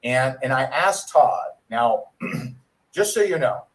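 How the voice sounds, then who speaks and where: A man giving a sales training talk, rambling and clearing his throat often. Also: mid-range voice, lively intonation, slow, poor audio.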